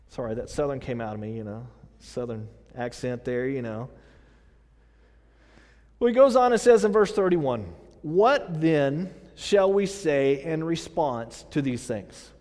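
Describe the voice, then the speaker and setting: A man's voice: sits high, very animated, normal speed, a little mellow, big-room sound. A middle-aged man preaching a sermon in a casual, conversational way, often repeating himself and using fillers. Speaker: pastor.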